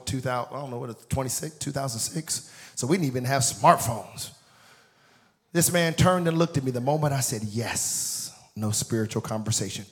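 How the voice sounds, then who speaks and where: A man in his forties preaching a sermon, telling a story with acted-out voices and building to shouted, sing-song peaks. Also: a little high. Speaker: pastor.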